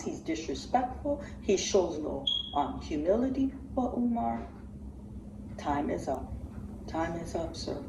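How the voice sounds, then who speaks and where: An emotional woman pleading and halting as she comments on a livestream. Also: fairly low pitch, gravelly, recorded from a distance, dull audio. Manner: impassioned, pleading, halting with repeats. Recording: echoey room, from the mic, faint noise.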